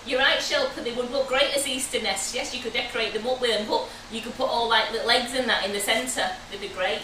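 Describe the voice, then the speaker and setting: A woman co-hosts from across the kitchen, relaying viewers' comments and adding her own tips. Her voice is a little high and reaches the mic from off to the side. The room rings, with a steady hum in the background. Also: fast talker, roomy sound, recorded from a distance. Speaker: co-host reading viewer comments. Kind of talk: casual live-stream chat.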